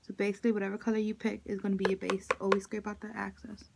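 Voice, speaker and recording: A woman's voice: mid-range voice, completely flat delivery, very fast, creaky, very noisy. A young woman chatting casually through a makeup tutorial, walking viewers through each step in an informal way. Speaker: beauty vlogger.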